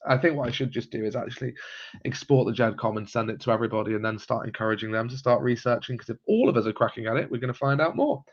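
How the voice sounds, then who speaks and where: A man's voice: mid-range voice, fast. A man hosting a live stream, chatting casually through viewer comments with frequent ums and chuckles. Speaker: host of a live genealogy stream. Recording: slightly muffled lo-fi audio.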